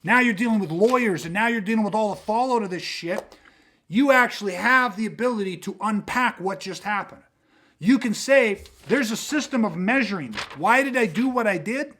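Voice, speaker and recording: A high-pitched man hosts a podcast with forceful emphasis. He swears freely and acts out tense street exchanges as he explains. His delivery builds from quiet and low into loud, raised bursts. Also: normal speed. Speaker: host. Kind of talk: intense podcast talk.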